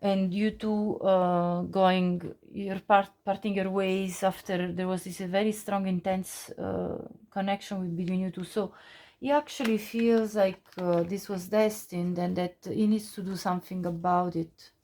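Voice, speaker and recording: A woman's voice: medium pitch, steady tone, a little slow, warm tone. Woman tarot reader, casual and chatty, laughs easily, talks with fillers and restarts. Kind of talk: casual pick-a-card tarot reading.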